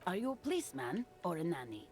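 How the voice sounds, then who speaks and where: A lively, soothing game mother. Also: fairly low pitch, quick pace, breathy edge, faint music behind, heavily acted. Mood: defensive. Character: gentle, reassuring middle-aged mother in a detective game. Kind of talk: scripted game dialogue.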